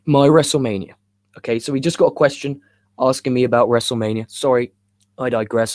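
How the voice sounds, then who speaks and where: A man's voice: mid-range voice, darkish tone, no room sound, clean studio sound. A young man hosting a live wrestling chat show, frustrated and swearing, rambling with repeated stammers into a cheap microphone. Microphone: cheap USB microphone.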